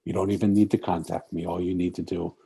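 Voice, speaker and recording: A man with a lowish, mellow voice giving an inspirational talk to a conference audience. He tells a personal story and voices the people in it as he goes. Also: level tone, fast, creaky, husky. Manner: storytelling, acts out quoted speech. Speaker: speaker.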